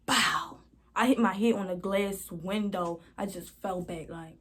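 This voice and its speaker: A woman's voice: medium pitch, unhurried, fairly bright tone, breathy edge. A young woman vlogger telling a storytime in a rambling, slangy way, often calling her viewers y'all. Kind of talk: casual storytime.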